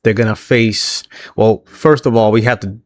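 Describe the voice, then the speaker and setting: A man with a fairly low voice chats his way through a wrestling recap, laughing often and slipping into quick, lively quotes of what was said. The sound is dry and close, with no room around it. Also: no echo. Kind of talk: casual recap commentary.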